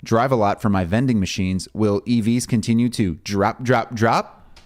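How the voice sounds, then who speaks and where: A man's voice: on the low side, fairly even intonation, moderate pace. A man co-hosting a livestream, reading viewer messages aloud with joking asides. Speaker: co-host reading chat. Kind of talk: casual livestream chat.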